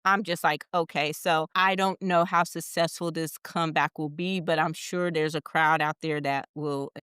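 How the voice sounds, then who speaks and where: A woman co-hosting a casual chat show, running through entertainment news with wry, deadpan asides. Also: deep voice, moderate pace, smooth, no echo, studio quality. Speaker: podcast co-host.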